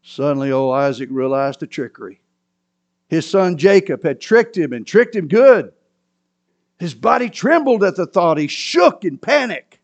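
A man delivering a sermon in a fairly high voice. He retells the story dramatically, dropping low and then rising to sudden cries. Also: sing-song, measured pace. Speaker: preacher.

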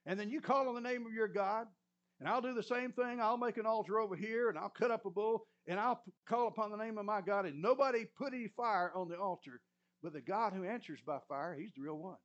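A preacher doing a bold, mocking prophet. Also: male voice, sits high, a little fast, fairly bright tone, voice pushed up. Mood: challenging. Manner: mocking, emphatic. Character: bold male prophet daring his rivals. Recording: muffled lo-fi recording.

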